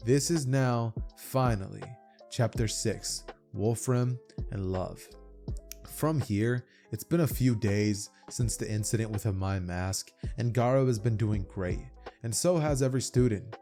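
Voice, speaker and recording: A man's voice: medium pitch, measured pace, warm tone, faint music behind. A man narrating a fan-made anime story in plain, run-on storytelling. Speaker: YouTube storyteller.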